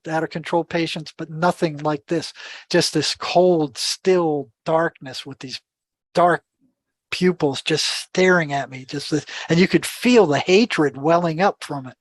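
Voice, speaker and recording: An older man, guest on a podcast, tells stories in an interview with lots of animation, acting out dialogue and often repeating and restarting his words. His voice is on the high side, with no room sound.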